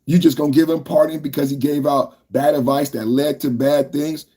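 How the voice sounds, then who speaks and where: Man, husky voice, slightly high pitch, ranting political livestream host. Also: little pitch movement, fairly quick, mellow. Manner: ranting, repetitive, talks to chat. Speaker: podcast host.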